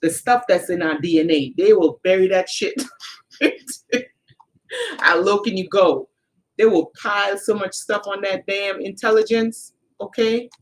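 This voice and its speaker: With a steady tone, medium pitch and moderate pace, a woman co-hosts a live-streamed spiritual talk. She explains emphatically and addresses the viewers directly.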